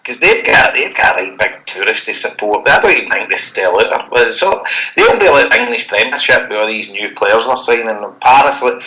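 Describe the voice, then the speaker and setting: A man's voice: on the low side, lively intonation, bright, forceful tone, low-quality recording. A Scottish man co-hosting a podcast, chatting loosely and rambling about football. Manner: rambling, sweary, quick to laugh. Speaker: podcast co-host. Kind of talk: casual football chat.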